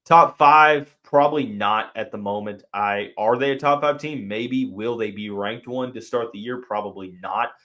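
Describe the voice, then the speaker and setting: A man's voice: lowish voice, normal speed, few pauses, pushed and bright. A young man hosting a sports podcast, chatting casually and thinking aloud with fillers and restarts. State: has the hiccups. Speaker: podcast host.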